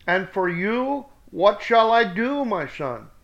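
A man's voice: high-pitched, big pitch swings, takes it slowly, gravelly, fairly bright tone, full character voice. A man reading the lines of a bewildered old father, in a startled, questioning voice. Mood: grave. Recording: dull lo-fi recording.

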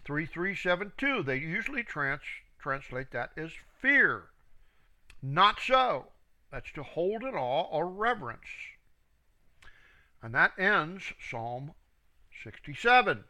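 A man teaching the Bible verse by verse, reading each phrase and then its reference number in a slow, deliberate way. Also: a little high, sing-song, pushed and bright. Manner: slow, reads each word then its reference number, stresses quoted words.

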